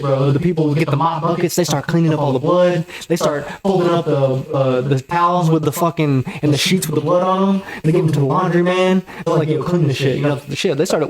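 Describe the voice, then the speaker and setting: Slangy, profane man telling a story. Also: fairly high pitch. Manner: animated, slang-heavy, profane. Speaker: podcast guest. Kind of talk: casual storytelling. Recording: roomy echo.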